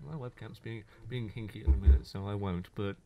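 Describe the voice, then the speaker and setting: A man's voice: on the low side, brisk, phone-quality sound, a little hiss or hum. A young man co-hosting a podcast, chatting casually and teasing his co-host. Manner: animated, teasing, knowledgeable about games. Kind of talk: casual chat.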